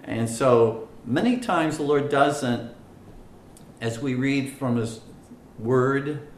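A man teaching a Bible study, slow and deliberate, with many fillers and stress on single words. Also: medium pitch, a little mellow, echoey room, a little hiss or hum, low-quality recording.

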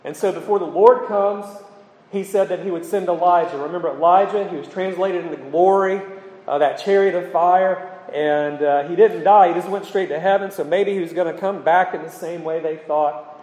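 A man delivers an expository sermon in an earnest, emphatic way, his voice a little higher than most. He pauses now and then with ums. The sound rings with a long reverb, as if picked up in a large hall. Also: a little mellow. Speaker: preacher.

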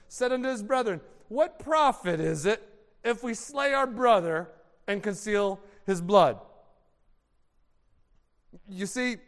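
A man with a high-pitched voice preaches in a dramatic storytelling style, slipping into the voices of the people in the story. His sermon rings out in a hall with a long reverb. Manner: acts out scenes with voices for the characters.

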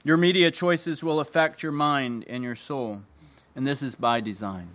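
Bright, emphatic male preacher. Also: fairly even intonation, a little slow. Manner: emphatic, repeats key phrases, drops low at line ends. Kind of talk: sermon.

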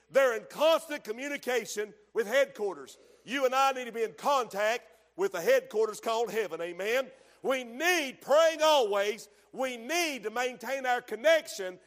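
Male preacher with a very high voice, shifting from hushed storytelling to shouts, long church reverb. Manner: storytelling preacher, swings from quiet asides to shouted emphasis. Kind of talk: sermon.

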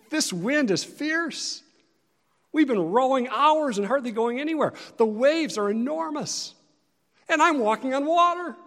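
A man's voice: extremely high pitch, lively intonation, a little slow, fairly bright tone, big-room sound, voice pushed up, exaggerated voice. A man voicing a wavering, frightened fisherman disciple in an anxious, raised voice during a sermon. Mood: fearful.

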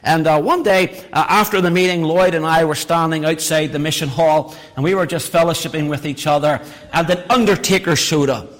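High-voiced preacher in a reverberant hall. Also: male voice, fairly even intonation, brisk. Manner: reads scripture then explains it with emphatic repetition. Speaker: pastor. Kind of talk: sermon with scripture reading.

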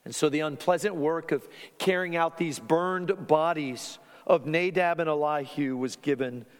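A man preaching an expository sermon as pastor, teaching at a measured pace with his voice falling at the end of phrases. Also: on the high side, big-room sound.

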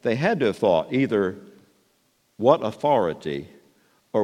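A man preaching a sermon, moving between soft asides and raised, emphatic declarations. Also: lowish voice, big pitch swings, measured pace, pauses often. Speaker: pastor. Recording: long hall reverb.

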